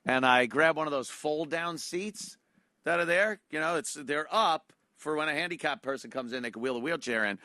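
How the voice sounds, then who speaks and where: A man's voice: fairly high pitch, normal speed, sharp tone, no room sound. A man, hosting a show and telling a comedic, profane, sarcastic rant about how annoyed he is by everyone around him. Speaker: show host.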